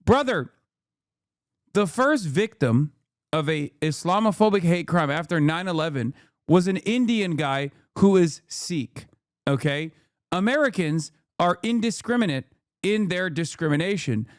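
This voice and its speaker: A man in his thirties rants his way through a live-stream reaction, swearing freely and sounding openly incredulous. His voice sits fairly high for a man and comes across smooth and clear. The sound is close and dry, with no room around it. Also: animated, measured pace, no room sound. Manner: profane, incredulous ranting with sarcastic asides. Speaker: streamer reacting to clips and chat.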